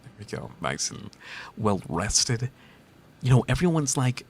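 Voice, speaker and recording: A man's voice: mid-range voice, big pitch swings, unhurried, long pauses, a little hiss or hum. A man in his thirties streaming casually, reading chat aloud, playful and teasing, laughing often.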